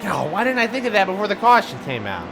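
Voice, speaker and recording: A man giving live commentary on a racing game, grumbling and ranting, swinging from low muttering to loud outbursts. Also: huge pitch swings, fast talker, vocal fry, over music. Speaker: gaming video host. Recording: game engine noise behind voice. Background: racing game car sounds.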